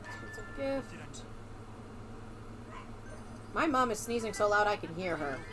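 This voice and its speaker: A young woman giving casual, sarcastic gameplay commentary, excitable and swearing freely. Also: medium pitch, quick pace, over music. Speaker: let's play streamer.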